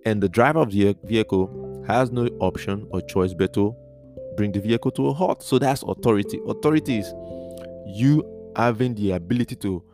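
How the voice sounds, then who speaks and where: Low-voiced man teaching over guitar. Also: fairly quick. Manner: earnest, repetitive, spells out words letter by letter. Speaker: Bible teacher. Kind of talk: podcast Bible teaching.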